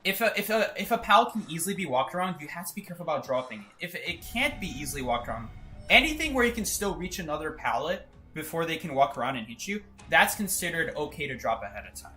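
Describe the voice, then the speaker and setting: Man, game streamer, casual joking chatter, bright tone, faint background music. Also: fairly high pitch, big pitch swings, fast talker. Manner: chatty, joking, laughs often. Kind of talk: casual live-stream gameplay commentary.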